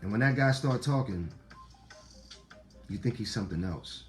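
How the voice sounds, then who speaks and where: A man with a deep voice and a Black way of talking lectures his viewers, repeating lines and swearing as he goes. His voice jumps from loud outbursts to low, muttered asides. Faint music plays under him. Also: moderate pace. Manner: swings between loud outbursts and low murmurs. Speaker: online talk host. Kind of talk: casual monologue to viewers.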